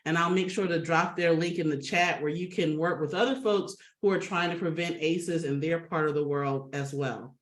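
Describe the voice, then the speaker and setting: A woman hosting a webinar over a video call, chatty and upbeat, greeting attendees by name and laughing often. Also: fairly low pitch. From Atlanta, Georgia. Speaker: webinar host. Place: home office on a video call. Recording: roomy video call audio.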